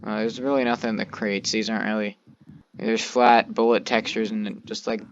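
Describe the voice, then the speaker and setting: A man's voice: lowish voice, level tone, moderate pace, a little hiss or hum. Rambling man on a dull lo-fi mic. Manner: rambling, filler-heavy, mild cursing. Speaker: gameplay commentator. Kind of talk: casual let's-play commentary. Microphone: desk microphone.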